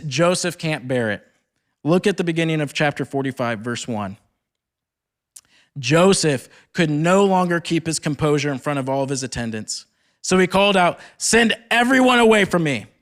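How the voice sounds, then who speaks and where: A young man with a notably high voice giving a sermon at a retreat. He moves between reading scripture aloud and retelling the story in loose, chatty speech full of "like". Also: expressive, moderate pace. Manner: casual retelling peppered with "like". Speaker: speaker at a campus ministry retreat.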